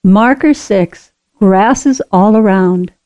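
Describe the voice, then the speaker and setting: A woman reading scripted narration for a wildlife auto tour in a steady, informative way. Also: mid-range voice, slow pace, background noise. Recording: slightly dull lo-fi recording.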